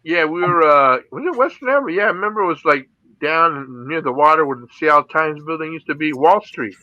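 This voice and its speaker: Slightly high-pitched and expressive, this middle-aged man from the Philippines talks briskly in a muffled recording with no room sound. He's a radio DJ being interviewed, spinning casual stories full of laughter and plenty of "you know."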